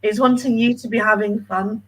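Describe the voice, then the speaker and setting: A woman's voice: medium pitch, fairly even intonation, normal speed, rough recording. Emotional woman giving a reading. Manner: emotional, hesitant, many ums. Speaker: medium.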